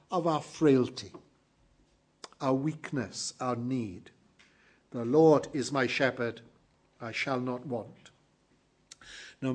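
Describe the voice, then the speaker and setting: A man delivers a sermon, his voice sitting a little high and carrying a husky edge. He preaches earnestly and emphatically, slowing down to weigh each stressed phrase for his congregation. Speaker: pastor.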